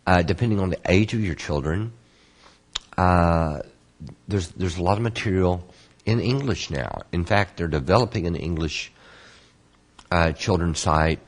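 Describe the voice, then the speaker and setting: A man teaching an online course, patiently answering student questions and explaining terms slowly with repetition. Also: deep voice. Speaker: Kabbalah course instructor.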